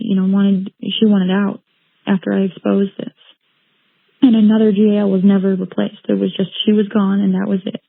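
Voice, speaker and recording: A woman telling her own painful story as an interviewee, halting and repeating phrases as she recounts what happened. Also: medium pitch, creaky, breathy edge, no echo. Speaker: interviewee, bereaved mother. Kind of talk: emotional personal account. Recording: tinny phone-like line, dry.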